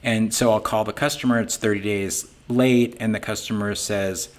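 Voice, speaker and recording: A middle-aged man with a Boston accent talks his way through a webinar in a folksy, conversational manner. His voice sits a little on the low side. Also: steady tone, moderate pace, few pauses. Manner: folksy, conversational, leans on "you know". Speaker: webinar presenter for a sign business software company. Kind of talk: informal webinar talk.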